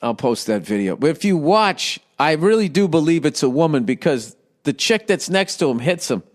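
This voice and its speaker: A middle-aged man rants through a profane, wandering comedic monologue, talking close to a studio microphone at home. His voice sits a bit higher than most men's, and he keeps breaking into silly voices. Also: sing-song. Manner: profane, rambling, quick to jump into silly voices. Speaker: podcast host. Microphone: studio microphone with windscreen.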